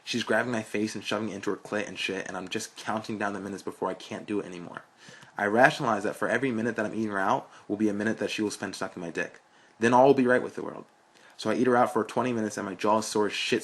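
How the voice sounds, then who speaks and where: A man's voice: lowish voice, quick pace, fairly bright tone, slightly rough. A young man reading a story aloud in a frank, blunt, profane way. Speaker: narrator.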